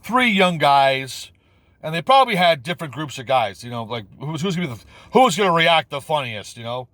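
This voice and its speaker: A man's voice: sing-song, fairly quick, bright, forceful tone, no echo. Stammering, exasperated man ranting. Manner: rambling, repeats himself, stumbles over words; incredulous, pitch jumps when exasperated. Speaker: video commentator. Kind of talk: ranting film critique.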